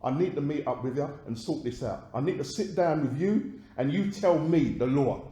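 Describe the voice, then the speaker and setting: An actor playing an agitated record label boss, arguing on the phone and swearing. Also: male voice, a little high, animated, normal speed, warm tone, reverberant, lightly acted. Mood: outraged. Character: angry male London record boss on phone. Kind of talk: dramatized film phone calls.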